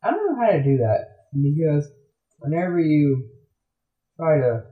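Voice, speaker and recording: A man's voice: on the high side, big pitch swings, unhurried, phone-quality sound. A man hosting a kids' radio show, chatting loosely and rambling, with frequent "like"s. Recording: roomy echo.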